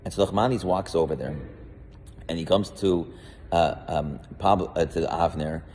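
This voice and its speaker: Deep-voiced rabbi telling a story. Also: male voice, moderate pace, darkish tone, in a large hall, a little hiss or hum. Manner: storytelling with frequent restarts and fillers. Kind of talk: weekly Torah portion talk.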